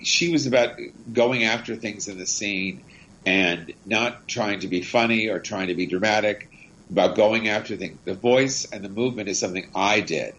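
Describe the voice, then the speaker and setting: Low-voiced man telling rambling stories. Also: moderate pace, a little hiss or hum, rough recording. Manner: chatty, rambling, animated anecdotes. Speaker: guest comedian and actor. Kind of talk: casual interview storytelling.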